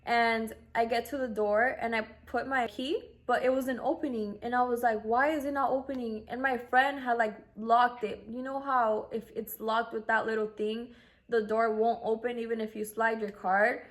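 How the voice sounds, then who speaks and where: A woman's voice: on the high side, fairly even intonation, normal speed. A young woman in her twenties, casually telling a personal story, full of "like" and acting out what others said. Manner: chatty, acts out quoted voices, lots of "like". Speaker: vlogger.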